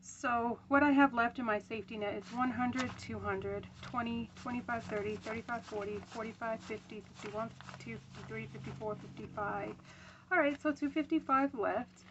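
A woman's voice: fairly high pitch, fairly even intonation, normal speed, muffled recording, background noise. A young woman vlogging at home about her budget, chatty with many ums, out of breath as she counts bills aloud. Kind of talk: casual budgeting talk while counting cash.

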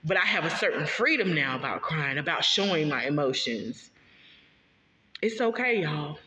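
A woman's voice: low voice, expressive, normal speed, bright, forceful tone. A woman giving a heartfelt personal monologue as a vlogger. She talks straight to her listeners, emphatic and repetitive. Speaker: vlogger sharing her story. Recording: echoey room, dull lo-fi sound.

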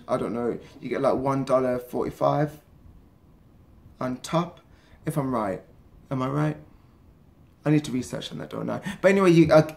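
A young man from England, chatting casually and rambling in a travel vlog. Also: fairly high pitch. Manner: chatty, rambling, lots of fillers. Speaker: vlogger.

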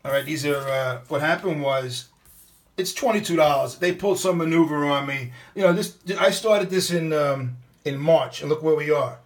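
Middle-aged New man ranting to camera, blunt and profane, voice sitting a touch high. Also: normal speed. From New York. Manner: blunt, profane, repeats and restarts. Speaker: vlogger. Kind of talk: casual ranting monologue.

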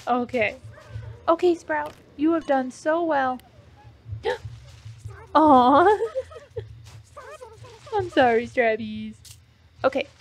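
Giggly, slow-talking woman gamer. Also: sits high. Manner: cooing, giggly, easily delighted. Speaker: let's play host. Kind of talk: casual gameplay commentary.

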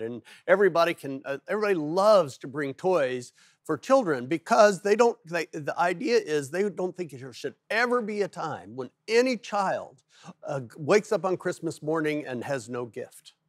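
A man preaching a sermon as pastor, telling stories in an animated way with playful asides. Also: mid-range voice, dry recording, studio quality.

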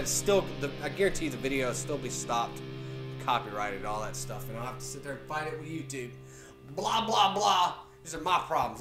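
An excitable man talks through a reaction video in loose, chatty commentary and laughs often as he goes. His voice sits a little high for a man. The room is echoey, with faint music underneath.

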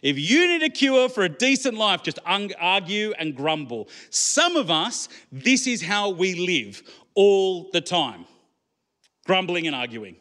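A man's voice: high voice, very animated, measured pace, sharp tone. A man preaching a sermon in church, conversational and full of rhetorical questions to the congregation. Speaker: pastor.

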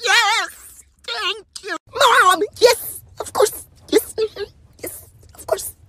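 A woman's voice: extremely high pitch, lively intonation, slow pace, bright, forceful tone, slight background noise, full character voice. A performer playing a bossy mother scolding her kids in a car, in a comedy skit.

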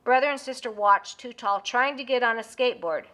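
A woman reads a children's storybook aloud in a lively, expressive way. Her voice is bright and sits a little high, with a clear, forward tone. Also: a little fast. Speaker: narrator. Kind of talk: scripted storybook narration.

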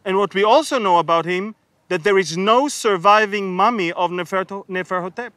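A man's voice: high voice, fairly quick, pushed and bright, dry recording. A man, teaching a humorous Bible sermon and acting out the people in the story. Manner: humorous, acts out biblical figures with sarcasm and laughter.

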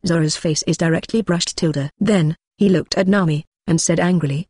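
A synthetic audiobook narrator reading a fan novel in a flat machine delivery, speaking punctuation marks aloud as words. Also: mid-range voice, a little fast, hardly any pauses, husky, dry recording, studio quality. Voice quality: flat text-to-speech delivery, reads symbols as words.

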